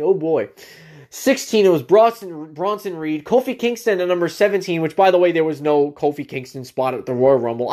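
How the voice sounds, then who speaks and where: A man with a slightly higher than usual voice hosts his own podcast. He talks as an excited fan, rambling, restarting and filling gaps with ums as he recaps the matches. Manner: rambling, enthusiastic fan talk with many fillers. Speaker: podcast host. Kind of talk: casual wrestling recap.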